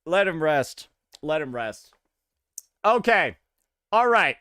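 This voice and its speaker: Casual male streamer from the South, chatty and repetitive, bright lively voice, dry mic. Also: on the high side, slow pace, long pauses, clear, resonant tone, no room sound. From American South. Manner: loose and chatty, repeats himself. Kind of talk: casual live-stream chat.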